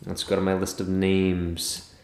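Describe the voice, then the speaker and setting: A man's voice: low-pitched, completely flat delivery, unhurried. A man acting as game master, narrating a tabletop game in a laid-back way. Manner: laid-back, laughs easily. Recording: echoey room with faint noise.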